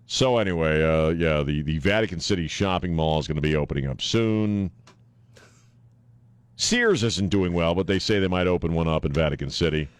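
A man's voice: sits low, lively intonation, moderate pace, smooth, no room sound. A man hosting a talk radio show, joking bluntly and rambling with fillers as he riffs on the news. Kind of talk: casual talk radio banter. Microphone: studio microphone. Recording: dry studio sound.

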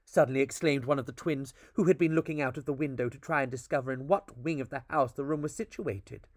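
A man reading a classic story aloud as a podcast storyteller, with expressive, dramatic narration. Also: mid-range voice, fast, hardly any pauses, no echo, clean studio sound.

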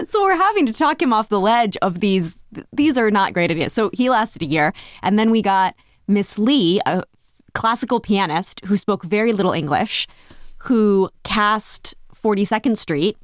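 A woman guest telling stories in a conversational way. She is animated and often restarts her sentences. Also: moderate pace, no echo, studio quality. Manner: animated, lifts her pitch for quoted voices; self-correcting, with frequent restarts. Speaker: podcast guest, business coach. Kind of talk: conversational storytelling.

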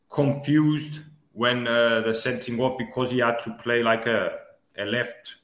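A man co-hosting a football podcast who speaks haltingly, with many pauses and fillers. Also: medium pitch, fairly bright tone, echoey room. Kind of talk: casual football podcast chat.

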